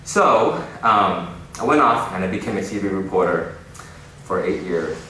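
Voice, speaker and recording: A man giving an inspirational keynote talk, telling stories in an animated way with frequent laughter. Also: deep voice, a little slow. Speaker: keynote speaker. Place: large conference hall. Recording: echoey hall, distant mic, noisy.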